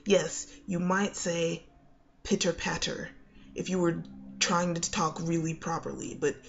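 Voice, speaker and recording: A woman's voice: fairly low pitch, steady tone, a little slow, creaky, muffled recording, a little hiss or hum. A young woman, teaching in a casual video lesson, chatty and full of fillers and restarts. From United States. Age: young adult. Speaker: accent coach.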